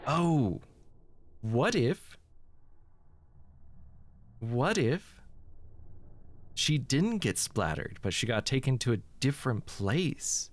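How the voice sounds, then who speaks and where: A man's voice: medium pitch, sing-song, takes it slowly, long pauses. A man with congested sinuses commenting on a horror game, joking in a dry, sardonic way. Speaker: let's play host.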